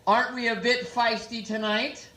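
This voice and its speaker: A man's voice: very high voice, fairly even intonation, moderate pace. A man in his twenties from San Francisco doing stand-up comedy, playfully teasing the audience in a nightclub. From San Francisco, USA. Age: 20s. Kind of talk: stand-up comedy with crowd work. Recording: echoey club, loud crowd and noise.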